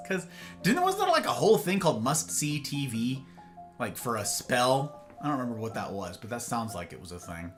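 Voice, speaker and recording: Man, livestream host, lively swooping pitch, casual rambling, acts out quotes. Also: normal speed. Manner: rambling, animated, acts out little dialogues. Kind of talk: casual chat with live viewers. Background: faint guitar music.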